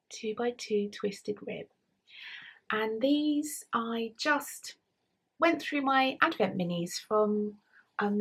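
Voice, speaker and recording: An English woman hosting a knitting podcast, chatting casually to a camera at home and often trailing off into soft near-whispers. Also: on the high side, vocal fry, breathy edge. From England. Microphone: camera mic.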